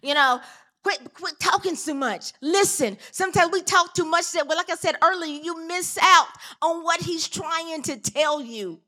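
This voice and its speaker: A woman's voice: extremely high pitch, moderate pace, sharp tone. A woman preaching a sermon, exhorting her listeners with fervent, repetitive calls. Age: adult with children.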